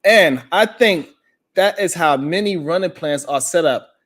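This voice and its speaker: Male talk-show host, casual storyteller, loud animated bursts, frequent swearing. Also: a little high, measured pace.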